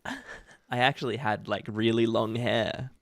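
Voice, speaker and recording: A man joining a live show as a guest over a video call, talking in a relaxed, friendly way with lots of fillers. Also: mid-range voice, unhurried, no echo, clean studio sound. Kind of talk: casual chat.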